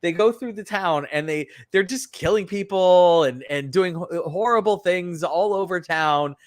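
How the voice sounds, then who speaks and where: A man co-hosting a podcast, chatting casually about a movie in a rambling, animated way full of fillers and restarts. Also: high-pitched, measured pace, dry recording, clean studio sound. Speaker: podcast co-host. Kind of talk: casual film review chat.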